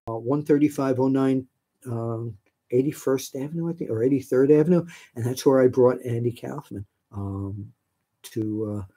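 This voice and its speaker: A man's voice: medium pitch, warm tone, slightly rough. An older man from New York hosting a live stream, answering viewer questions in a chatty, rambling way with many fillers. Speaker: host.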